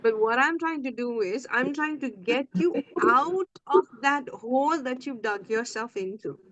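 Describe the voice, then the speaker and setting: A woman's voice: high-pitched, lively intonation, measured pace, fairly bright tone, dull audio. A woman hosting a podcast as a coach, talking bluntly and acting out quoted dialogue in candid chat.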